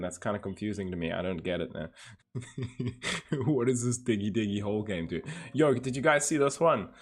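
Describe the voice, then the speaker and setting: Male streamer, low-pitched and easygoing, chatting with viewers and reading their messages aloud. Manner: laid-back, greets viewers by name and reads chat aloud. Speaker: livestreamer. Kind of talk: casual stream chat.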